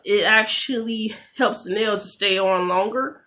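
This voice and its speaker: Woman doing a nail tutorial on her phone camera, chatty, jokey, gets fed up quick. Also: medium pitch, bright, forceful tone. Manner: chatty, quick to get exasperated, jokey asides. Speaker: beauty vlogger. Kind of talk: casual tutorial chat.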